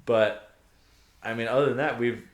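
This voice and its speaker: A young man co-hosting a podcast, telling stories in an animated way, often swearing and laughing. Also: medium pitch, normal speed. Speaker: podcast co-host. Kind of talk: casual chat. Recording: roomy echo.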